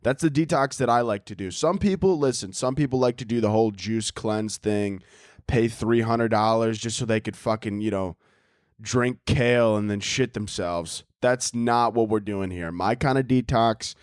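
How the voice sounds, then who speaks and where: Rambling crude young podcast host. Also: male voice, fairly low pitch, moderate pace, dry recording, studio quality. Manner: rambling, crude, self-mocking banter with frequent laughs. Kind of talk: solo comedic podcast rant.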